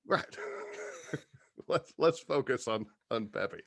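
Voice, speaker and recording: A man's voice: medium pitch, animated, drawn-out words, creaky, no room sound, clean studio sound. A man appearing as a podcast guest, rambling through crude jokes and often laughing as he talks. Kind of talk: casual comedy podcast chat.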